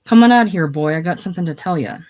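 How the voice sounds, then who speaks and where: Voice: mid-range voice, animated, moderate pace, a little mellow. A solo reader voicing a blunt, teasing man in a casual play reading.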